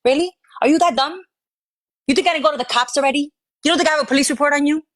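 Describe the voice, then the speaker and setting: A woman's voice: sits high, rapid-fire. A woman in a heated live argument, confrontational and taunting with constant swearing. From Georgia, US. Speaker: live stream participant.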